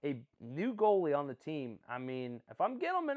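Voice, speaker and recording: A man's voice: on the high side, huge pitch swings, normal speed, few pauses, darkish tone. A man hosting a casual live stream, rambling, making jokey asides and answering viewers as he reacts to picks. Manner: rambling, jokey, self-deprecating, chats with viewers. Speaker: livestream host.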